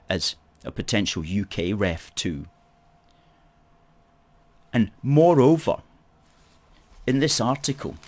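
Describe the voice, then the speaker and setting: Emphatic man, low voice. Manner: emphatic, repeats key phrases, rhetorical "okay?". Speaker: campaign group host. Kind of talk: political monologue to camera.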